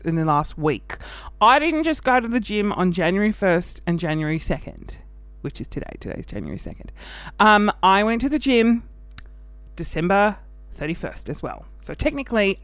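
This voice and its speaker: A man hosting a casual solo podcast, out of breath after the gym, animated and self-mocking, sometimes dropping into a whisper. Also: high voice, dry recording. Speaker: podcast host.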